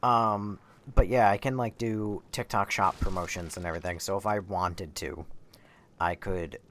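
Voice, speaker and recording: Deep-voiced young man streaming a game. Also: fairly even intonation, moderate pace, a little hiss or hum. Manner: rambling, swears, reacts loudly to the game. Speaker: livestreamer playing a horror game. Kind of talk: casual gameplay commentary.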